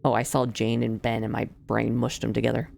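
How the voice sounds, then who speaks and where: A streamer giving quick, joking asides during a game playthrough. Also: medium pitch, little pitch movement, gravelly, a little mellow, slight background noise.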